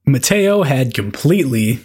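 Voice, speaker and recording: Male co-host, casual book chat, laughs easily, teasing, mid-pitched. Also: very animated, measured pace, darkish tone, slightly rough. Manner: laughs often, self-deprecating and teasing. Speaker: podcast co-host.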